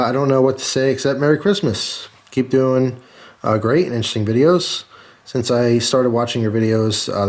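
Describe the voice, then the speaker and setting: A man's voice: mid-range voice, gravelly. A man hosting his channel, reading viewer holiday cards aloud in a chatty, joking way and thanking each sender. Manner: chatty, jokey, thanks readers warmly. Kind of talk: casual chat.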